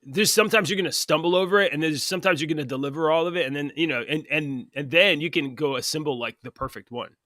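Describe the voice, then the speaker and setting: A man co-hosting a casual podcast, chatty and quick to laugh, often restarting his sentences. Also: a little high, sharp tone, no room sound, studio quality. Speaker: podcast co-host. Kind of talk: casual chat.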